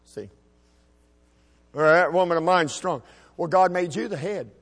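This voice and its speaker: A middle-aged man preaching a sermon as a pastor, folksy and emphatic, with shouted peaks. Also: fairly high pitch, moderate pace, long reverb tail. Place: church sanctuary.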